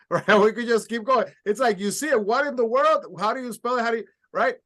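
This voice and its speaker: Man, high voice, patient step-by-step pronunciation lesson. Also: fairly quick, a bit bright. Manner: patient, explains step by step, models sounds. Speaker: Spanish teacher. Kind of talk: recorded language lesson.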